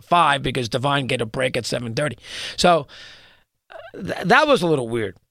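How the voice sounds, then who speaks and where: A male talk show host telling a story in a rambling, excitable way, full of restarts. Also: mid-range voice, moderate pace, vocal fry, no echo, clean studio sound. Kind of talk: storytelling monologue.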